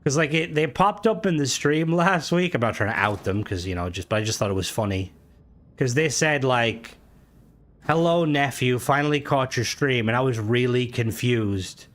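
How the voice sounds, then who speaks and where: Profane, jokey young Irish streamer. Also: male voice, moderate pace. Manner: jokey and profane, voice jumping high when worked up. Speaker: game streamer. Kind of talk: casual live-stream chat, reading comments.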